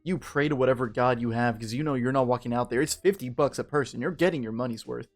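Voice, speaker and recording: Talking fast at a medium pitch over soft background music, this drunk game streamer reads the text aloud. He rambles, curses, and cracks jokes throughout his casual commentary.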